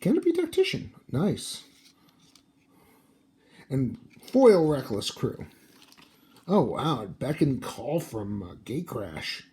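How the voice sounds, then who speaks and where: With slow pacing and long pauses, a sleepy male host opens booster packs and reads the card names aloud offhandedly, yawning as he goes. His mid-range voice swoops wildly in pitch and sounds warm and slightly rough.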